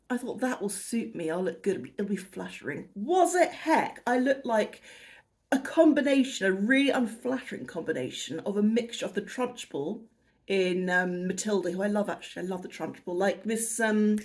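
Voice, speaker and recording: A British woman in her fifties, chatting to camera in a rambling, self-deprecating way and often laughing at her own tangents. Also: mid-range voice. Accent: British English. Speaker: haul vlogger. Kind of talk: rambling casual chat to camera.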